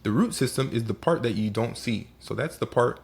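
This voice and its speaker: A man giving a casual motivational talk as host, animated and acting out little scenes. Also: medium pitch, a little fast, vocal fry.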